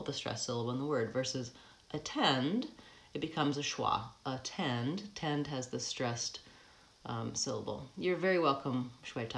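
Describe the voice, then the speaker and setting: An American woman who coaches accents, giving a live pronunciation lesson, explaining patiently and modeling words slowly with frequent ums. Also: rumbling low, a bit bright.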